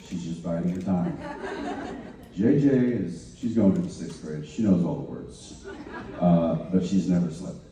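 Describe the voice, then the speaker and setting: A man telling stories on a convention stage in a halting way, with many restarts and a dry sense of humor. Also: sits low, recorded from a distance, noisy background. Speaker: convention panel guest. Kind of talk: casual storytelling on stage. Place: large convention hall, recorded from the audience. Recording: echoey hall audience recording from afar.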